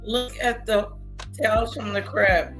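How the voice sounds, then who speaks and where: A woman's voice: medium pitch, steady tone, unhurried, fairly bright tone, faint music behind. A woman hosting a reaction video, reacting with exclaiming, incredulous asides. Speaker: reaction channel host. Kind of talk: casual reaction commentary.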